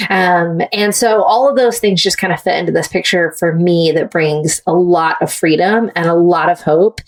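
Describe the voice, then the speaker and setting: A woman's voice: fairly low pitch, distant mic. A woman author, a guest in an interview, giving earnest, thoughtful answers with frequent fillers.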